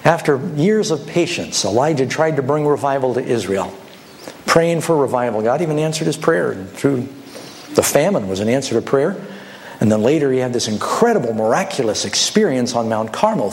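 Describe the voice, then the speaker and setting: A man's voice: medium pitch, normal speed, slight background noise. A man preaching a sermon, telling stories and acting out the dialogue in changing voices. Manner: animated storytelling, acts out dialogue with shifting voices.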